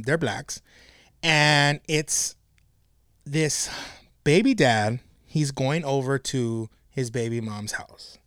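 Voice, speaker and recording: A man's voice: medium pitch, dry recording, studio quality. A man hosting a casual, profane podcast chat, retelling a story and acting out the quoted people. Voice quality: animated, acts out quoted voices. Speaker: podcast host.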